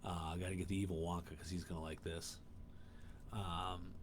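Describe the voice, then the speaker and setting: Man, podcast host, casual at-home chat, profane, excitable, rambling, fairly low pitch. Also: normal speed, noisy background. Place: home room.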